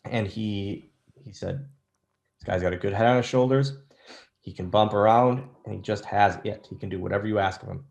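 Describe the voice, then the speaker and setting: A man's voice: fairly low pitch, moderate pace, vocal fry, highs cut off. A man in his thirties, a guest on an interview, telling stories casually and acting out the lines people said to him. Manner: animated storyteller, acts out quoted lines. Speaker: interview guest, former wrestler.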